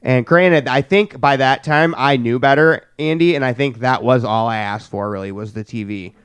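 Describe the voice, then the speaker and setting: A man's voice: mid-range voice, normal speed, clean tone, dry recording. A man hosting a podcast, telling a childhood story in a laid-back way and swearing a lot. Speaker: podcast host. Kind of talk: casual chat, storytelling.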